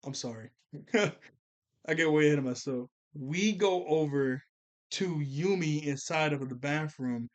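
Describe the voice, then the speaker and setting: A man's voice: fairly high pitch, a little slow. A man giving a casual, rambling recap of a cartoon episode as a reviewer. He often corrects himself and laughs as he talks.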